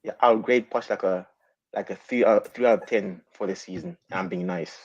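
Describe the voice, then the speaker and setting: Man, low voice, casual football chat, emphatic, dry room, slightly muffled mic. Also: moderate pace, no echo. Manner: emphatic, says bro and man a lot. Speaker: football panelist. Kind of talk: casual live-stream chat.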